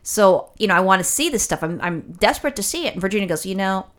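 A woman's voice: mid-range voice, expressive, quick pace. A woman co-hosting a casual chat, telling a story with lots of swearing and acted-out quotes.

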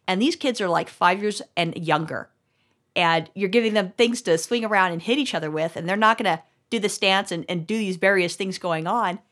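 A woman's voice: mid-range voice, fairly bright tone. A woman co-hosting a podcast, telling rambling, profane stories in casual chat with frequent restarts. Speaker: podcast co-host.

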